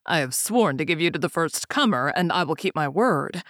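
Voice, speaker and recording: A woman reading a storybook aloud, voicing a stern old king who gives commands slowly. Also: low voice, animated, a bit bright, no room sound, clean studio sound. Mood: commanding. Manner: slow, commanding.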